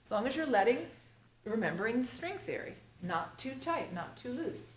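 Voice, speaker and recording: A middle-aged woman's voice, on the high side and sing-song, moves at a moderate pace as she teaches the Alexander Technique in a live workshop. Her manner is rambling, playful and chatty, peppered with "you know" and "like", in a roomy, echoing space with faint ambient noise.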